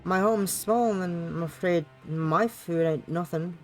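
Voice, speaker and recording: Lonely young village girl in a visual novel, welcoming, wobbly put-on southern drawl drifting Scottish, voiced by a streamer, mid pitch. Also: slow, faint music behind, close to an everyday voice.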